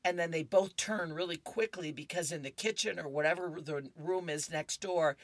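A woman's voice: sits low, steady tone, normal speed, hardly any pauses, no room sound. A woman reading comic strips aloud on a radio reading service, chatting with listeners between panels. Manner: chatty, warm asides to listeners. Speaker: radio reader.

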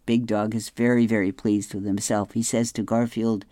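A man reading an advice column and newspaper comics aloud, explaining the jokes in a gentle, chuckling way. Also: on the low side, flat delivery, moderate pace, no room sound, studio quality.

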